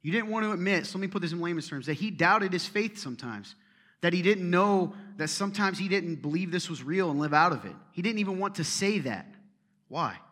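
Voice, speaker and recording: Animated male pastor preaching. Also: high-pitched, a little fast. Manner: animated storytelling, swings from loud to hushed. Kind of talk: sermon.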